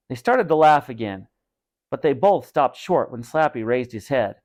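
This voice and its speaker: A male teacher reads a spooky storybook aloud with lively, animated narration. His pitch moves a lot, though it sits in a mid range. The reading is expressive and engaged. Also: normal speed.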